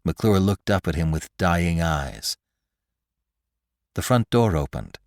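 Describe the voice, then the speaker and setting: A man narrating a story in a dramatic, expressive reading style. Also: low voice, takes it slowly, no room sound. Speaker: podcast host and narrator. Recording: dry close studio sound.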